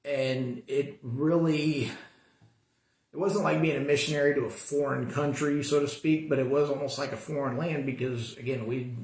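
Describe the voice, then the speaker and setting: A man's voice: medium pitch, steady tone, moderate pace, darkish tone. A man teaching a Sunday school class, talking casually and earnestly, often restarting his sentences. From American suburbs. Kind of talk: casual Bible class talk. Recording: echoey room.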